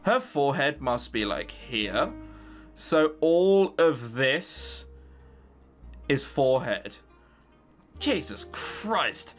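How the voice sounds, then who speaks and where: A man's voice: medium pitch, big pitch swings, drawn-out words, long pauses, soft background music. An English man giving sarcastic, swear-laden commentary while playing a visual novel. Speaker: gaming YouTuber.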